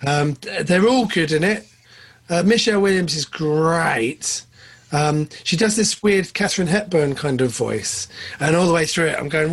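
A man co-hosting a podcast, chatting casually about films, excitable and jumping up in pitch when enthused. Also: moderate pace. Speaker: podcast co-host. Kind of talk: casual film chat.

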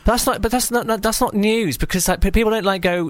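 A man's voice: high voice, a little fast. A man co-hosting a casual comedy chat, teasing his partner with dry banter. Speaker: co-host.

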